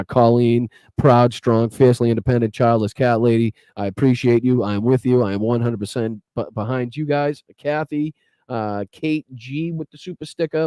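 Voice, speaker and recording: A man with a Boston accent, hosting a live-streamed political podcast and casually thanking viewers one by one, often swearing and filling pauses with "uh.". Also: mid-range voice, dark tone, no echo. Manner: casual, profane, grateful, many fillers. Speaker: podcast host. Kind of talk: live stream chat shout-outs.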